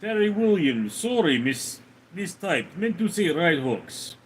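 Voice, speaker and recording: A man hosting a livestream, reading viewer comments aloud and answering them with dry, deadpan remarks. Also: high-pitched, unhurried, slight background noise. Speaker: livestream host reading chat.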